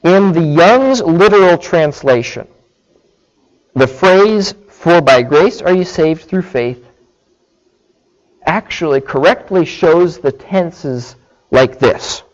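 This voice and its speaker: A man preaching a sermon, explaining scripture slowly and deliberately and checking in with his listeners. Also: fairly high pitch, animated, dull audio. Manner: slow, deliberate teaching with frequent "okay" check-ins.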